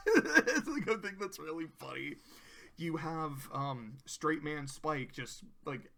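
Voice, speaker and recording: A man's voice: mid-range voice, lively intonation, normal speed, bright, forceful tone. Rambling, laughing guy reviewing cartoons. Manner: rambling, laughing often, swearing. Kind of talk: casual solo review.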